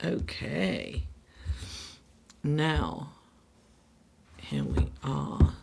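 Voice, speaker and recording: A woman with a raspy, gravelly voice takes her time through a weekly horoscope and tarot reading. She is a little under the weather. Her delivery is unhurried and thoughtful, full of fillers and restarts. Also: rumbling low, huge pitch swings, background noise. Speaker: astrologer and tarot reader.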